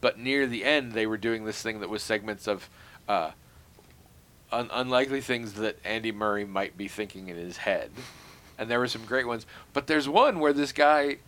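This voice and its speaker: A man co-hosting a podcast, chatting casually and telling animated stories with the odd curse. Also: lowish voice, normal speed, slight background noise. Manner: profane, animated storytelling. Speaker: podcast co-host. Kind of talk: casual chat.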